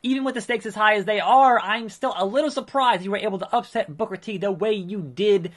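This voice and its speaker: A smug, pompous wrestling promoter in a video game, middle-aged and pleased with himself, as a gamer reads him aloud. He draws his words out slowly and grandly, perched high in pitch. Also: a bit bright.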